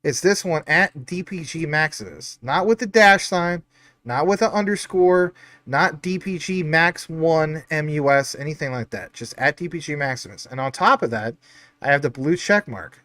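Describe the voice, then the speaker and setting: A man's voice: a little high, lively intonation, normal speed, a bit bright, no room sound. A man hosting a casual livestream, reading out chat comments in an upbeat, chatty, jokey way. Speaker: livestream host.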